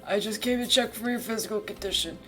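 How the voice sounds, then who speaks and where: Stern noble father, voiced by a woman, curt, formal, clipped, slow, faint music underneath. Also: medium pitch, lightly acted. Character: stern aloof noble father, middle-aged.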